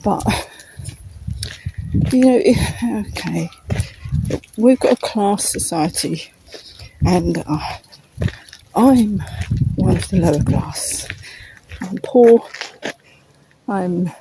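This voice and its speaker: A woman's voice: mid-range voice, very slow, creaky, long pauses, noisy background. A woman from the UK, chatty and breaking into little laughs, talking to camera while walking outdoors in the countryside. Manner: chatty, frequent little laughs, talks to her dog. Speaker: vlogger. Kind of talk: rambling walk-and-talk monologue.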